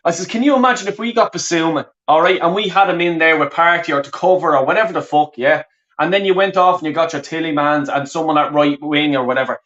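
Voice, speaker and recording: A man's voice: a little high, fairly even intonation, quick pace, a bit bright, muffled recording. A man on the panel venting angrily and swearing a lot.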